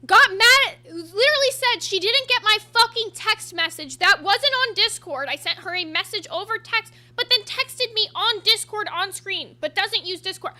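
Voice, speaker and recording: A woman's voice: very high voice, normal speed, hardly any pauses, sharp tone. A young woman streamer in casual chat, rambling and swearing as she defends herself.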